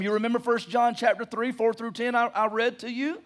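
A man's voice: extremely high pitch, level tone, fairly quick. A middle-aged male pastor teaching verse by verse in a conversational sermon, with jokes and rhetorical questions to the congregation. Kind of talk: expository Bible-study sermon.

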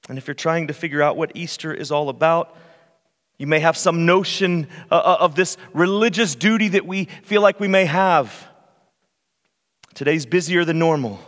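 A pastor delivering a sermon in a church, telling stories earnestly and dropping to quiet, hushed passages. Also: male voice, a little high. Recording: long reverb of a church hall.

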